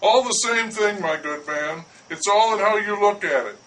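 A man's voice: high voice, moderate pace, a bit bright, recorded from a distance, rough recording. A man doing a smug patronizing poet. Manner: smooth, patronizing, persuasive. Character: languid condescending male poet.

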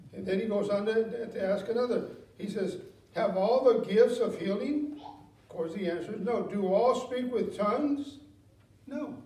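Pastor, male, high voice, conversational sermon with chuckles, church mic from afar. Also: darkish tone. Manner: conversational preaching, reads scripture aloud, asks the congregation questions; chuckles often, many fillers and self-corrections. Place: church sanctuary. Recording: echoey room, voice from a distance.

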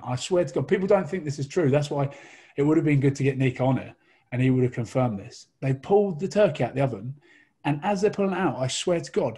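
Husky man telling a funny story. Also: mid-range voice, mellow. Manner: laughing, rambling storyteller. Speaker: guest storyteller. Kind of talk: casual comic anecdote.

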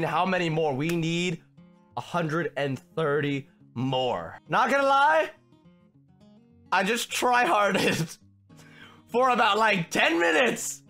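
A young man reacting loudly as he plays a video game, his voice pitched very high and sharp. There is a gravelly edge under his frequent shouts, and faint game music plays behind him. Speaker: gaming video host. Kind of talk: excitable gameplay commentary.

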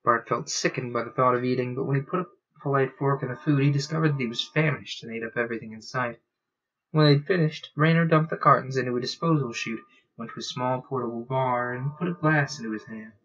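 A man reading a novel aloud on a stream, in steady, earnest storybook narration with dramatic pauses. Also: mid-range voice, dull audio.

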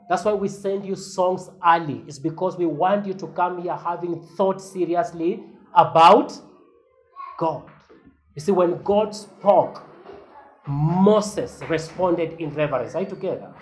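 A man's voice: on the high side, low-quality recording. A man preaching a sermon as pastor, earnest and emphatic, with a repeated refrain to the congregation.

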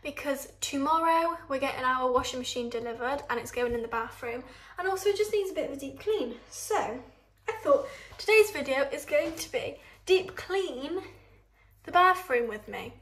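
High-voiced chatty British woman in echoey room. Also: expressive, moderate pace, a bit bright. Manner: chatty, gushing, easily moved. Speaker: vlogger. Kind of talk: casual chat to camera. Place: bathroom at home, indoors. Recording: echoey small tiled room.

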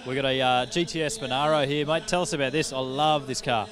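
A man's voice: mid-range voice, fairly even intonation, faint music behind. An Australian man interviewing at an outdoor auction, matey and casual. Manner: matey, quick. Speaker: roving interviewer. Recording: loud crowd outdoors.

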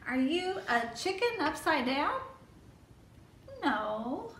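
A woman's voice: high-pitched, sing-song, slow, a bit bright, far from the mic, a little hiss or hum. A woman children's librarian leading a toddler storytime, speaking in a coaxing way and asking the children questions. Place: library room. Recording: echoey room, mic set back.

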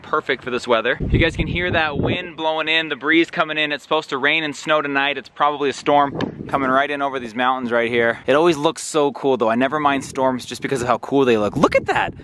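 A man's voice: fairly high pitch, background noise. A young man narrating his family vlog in a casual, upbeat, chatty way, holding the camera himself. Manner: upbeat, chatty, laughs often. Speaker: family vlogger.

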